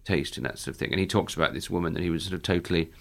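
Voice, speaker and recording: A man's voice: deep voice, racing, vocal fry, a bit bright. A man casually chatting as a podcast host, rambling enthusiastically with lots of fillers. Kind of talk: casual chat.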